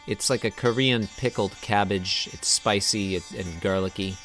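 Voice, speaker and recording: A man's voice: fairly low pitch, normal speed, a bit bright, soft background music. A man hosting a comedy podcast, casual and wry, explaining a made-up game with mock authority and fancy words. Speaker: podcast host running a game.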